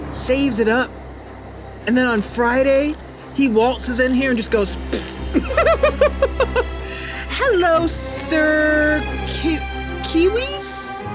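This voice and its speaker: A woman chatting casually on a gameplay livestream, rambling with lots of fillers and answering chat messages. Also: fairly high pitch. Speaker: streamer.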